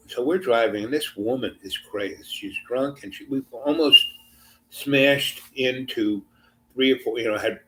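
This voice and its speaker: A middle-aged man telling a long personal anecdote in a meandering way, full of fillers and restarts. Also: medium pitch. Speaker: storyteller.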